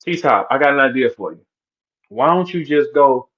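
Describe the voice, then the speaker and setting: A man's voice: medium pitch, normal speed, pauses often, highs cut off. A man hosting an online audio room, ranting aggressively and mockingly with heavy profanity.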